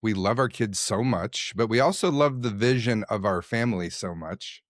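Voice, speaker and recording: Guy hosting a podcast, low voice, dry close sound, thoughtful and reflective. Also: moderate pace, dry recording. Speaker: podcast host. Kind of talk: casual interview conversation.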